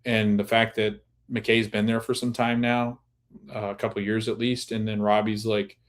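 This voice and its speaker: A man's voice: fairly low pitch, level tone, normal speed. A man hosting a podcast, recapping a TV episode in a casual, rambling way with many restarts. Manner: rambling, full of restarts and "like", laughs at times. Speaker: podcast host.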